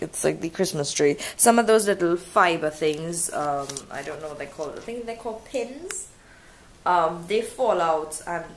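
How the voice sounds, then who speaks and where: A woman's voice: lowish voice, a bit bright. A young woman chatting casually to camera at home, rambling with many ums and restarts in a self-described pompous-sounding voice. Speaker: vlogger. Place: living room at home. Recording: roomy room with faint background noise.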